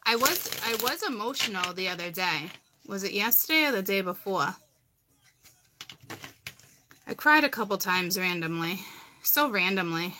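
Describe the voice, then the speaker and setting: A rambling woman with a Massachusetts accent talks casually to her live viewers while she reads tarot cards. She often repeats herself in a mid-pitched voice, and a clear noisy hiss runs under the recording. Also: expressive, moderate pace, pauses often. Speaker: tarot card reader on a livestream.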